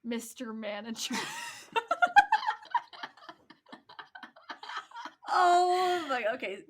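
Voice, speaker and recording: A woman's voice: a little high, expressive, unhurried, bright, forceful tone. A young woman co-hosting a podcast, telling a story in casual chat with lots of laughs, ums and swearing. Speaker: podcast co-host.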